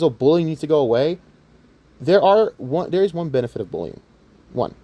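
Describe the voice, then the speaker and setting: A man's voice: a little high, darkish tone. A man hosting a commentary channel, ranting with heated, taunting profanity. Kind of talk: angry rant to camera.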